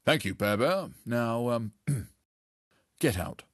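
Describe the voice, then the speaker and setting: A man co-hosting a comedy podcast, playing a deadpan interviewer. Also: medium pitch, slow pace, dry recording, studio quality.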